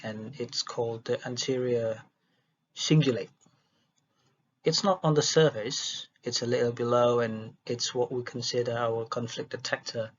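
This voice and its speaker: A man's voice: medium pitch, husky. A man reading a dialogue transcript aloud for a listening exercise, stumbling and restarting words as he goes. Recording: dull lo-fi recording.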